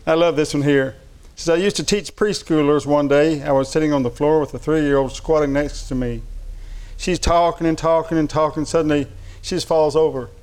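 A man's voice: fairly high pitch, steady tone, a little fast, a little mellow, smooth. A man preaching a sermon, reading funny anecdotes aloud and laughing along, then turning earnest. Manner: shifts between light storytelling and earnest preaching.

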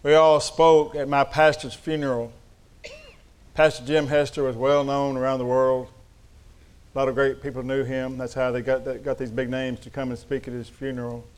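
A middle-aged pastor preaches a sermon full of folksy, humorous stories and Southern address. His medium-pitched voice is smooth with a flat delivery, and he speaks at a moderate pace.

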